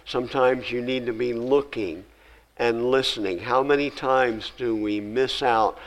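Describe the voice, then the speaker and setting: A man delivers a sermon in a middle-pitched voice. He reads the old scripture with rising, emphatic force. Between readings he talks to his listeners in a plain, quiet, conversational way. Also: fairly even intonation, a little slow, low-quality recording. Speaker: pastor.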